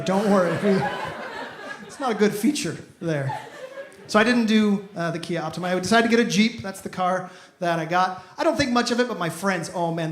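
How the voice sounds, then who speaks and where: A young man performing a stand-up comedy set, telling stories in a deadpan way with bursts of mock outrage. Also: high-pitched. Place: comedy club stage with a live audience. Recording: echoey room with noise.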